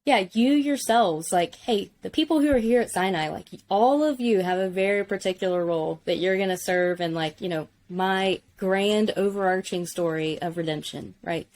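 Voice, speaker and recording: A woman teaching Biblical Hebrew in a relaxed conversational way, enthusiastic and explanatory, often saying "like". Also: lowish voice, moderate pace, hardly any pauses.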